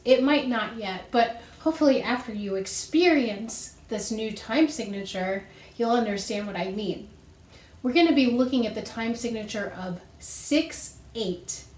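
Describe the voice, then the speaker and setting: A woman music teacher talks very slowly and patiently, walking young students through each idea and counting beats aloud. Her voice sits a little high, and the room around her is echoey. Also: darkish tone. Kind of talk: recorded music lesson for children.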